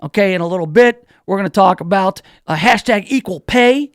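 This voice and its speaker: Man, radio host, high voice, dry studio sound, rambling casual monologue, self-mocking. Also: a little fast, no room sound. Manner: rambling, self-deprecating storytelling with many restarts. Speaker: radio talk show host.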